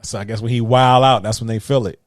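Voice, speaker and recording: A man co-hosting a casual podcast, laughing and reacting to a film with quick jokes. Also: mid-range voice, steady tone, no echo. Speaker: podcast co-host. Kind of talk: casual movie commentary chat.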